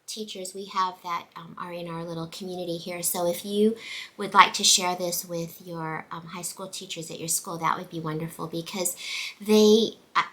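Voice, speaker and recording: Bright-voiced chatty woman teacher. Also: fairly low pitch, fairly even intonation, moderate pace, rough recording. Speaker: teacher and podcast host. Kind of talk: casual chat.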